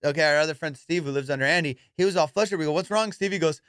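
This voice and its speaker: A man hosting a casual comedy podcast, telling profane, animated stories and laughing often. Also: on the high side, rapid-fire, smooth, no room sound, studio quality. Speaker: podcast host.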